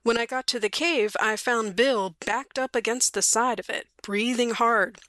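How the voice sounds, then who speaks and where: Woman narrator, clear and wry, bright voice, dry close recording. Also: a little high, moderate pace, no room sound. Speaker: audiobook reader. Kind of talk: storybook narration.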